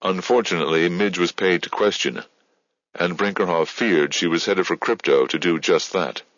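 Deep-voiced male audiobook narrator. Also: no echo. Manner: steady, measured storytelling. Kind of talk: scripted narration. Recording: dull, lo-fi dry studio.

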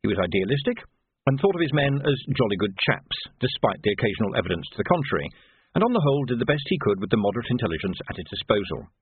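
A man's voice: lowish voice, very animated, quick pace, husky, no room sound. A man narrating an audiobook in a wry, dry storytelling manner. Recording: narrow phone-like sound.

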